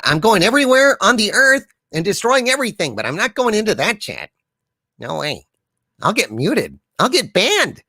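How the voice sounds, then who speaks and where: A man's voice: sits high, sharp tone, no room sound, voice pushed up, exaggerated voice. A man voicing a boastful male otherworldly destroyer trapped in a force field, blustering and threatening doom. He speaks with a dry, close sound.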